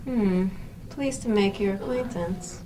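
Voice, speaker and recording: A woman's voice: medium pitch, slow pace, warm tone, a little hiss or hum, poor audio. A woman hosting a horror show, flirty and theatrical in a campy sketch.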